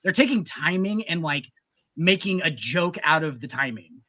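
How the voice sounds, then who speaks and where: Male co-host, loose profane storyteller, higher pitch, bright tone. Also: animated, normal speed. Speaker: podcast co-host. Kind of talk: casual chat.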